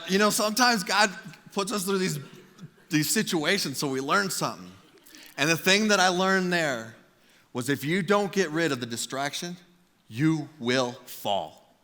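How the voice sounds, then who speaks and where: A man delivers a storytelling sermon from the stage of a large church auditorium, acting out quotes with comic energy. His voice is very bright and cutting, and a long hall reverb rings after each line. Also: medium pitch. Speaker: preacher.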